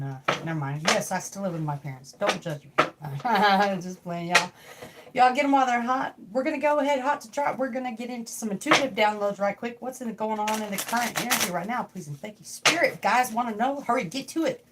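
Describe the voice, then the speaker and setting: In a very noisy clip, a young woman with a mid-range voice hosts a laid-back tarot livestream from her home. She rambles, jokes around and speaks directly to her chat.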